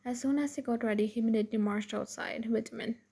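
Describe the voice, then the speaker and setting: A woman narrates a fan fiction story in a plain, even read-aloud. Her slightly high voice is gravelly and husky, with a dark tone and little rise and fall. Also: fast.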